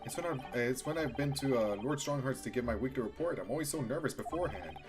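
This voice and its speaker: A woman's voice: a bass voice, expressive, fast talker, music in the background. Woman reading flustered young male attorney, defensive and sheepish.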